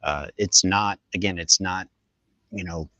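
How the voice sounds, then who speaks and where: A man co-hosting a tech podcast, talking in a relaxed, rambling way with many fillers. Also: sits low, unhurried, no echo. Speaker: podcast co-host. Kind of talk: casual tech chat.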